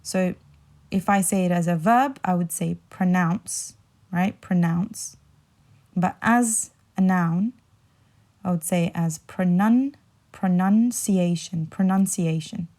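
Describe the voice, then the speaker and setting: A woman hosting a casual English-pronunciation podcast, chatting in a relaxed way and slowing down to repeat words carefully. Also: fairly low pitch. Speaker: English teacher and podcast host.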